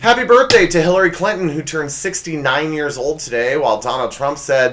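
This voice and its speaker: A man's voice: fairly quick, few pauses, fairly bright tone, a little hiss or hum. A man hosting his own comedy show, reading joke punchlines with playful swings in his voice. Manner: jokey, reads punchlines with big pitch swings. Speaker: show host. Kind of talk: comedy monologue.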